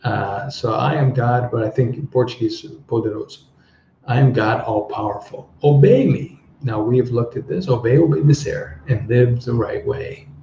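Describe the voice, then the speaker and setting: A middle-aged man teaching English through a Bible story, pausing often to explain words and translate them. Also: mid-range voice, dark tone, a little hiss or hum. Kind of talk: relaxed Bible-based language lesson. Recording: echoey room, slightly dull sound.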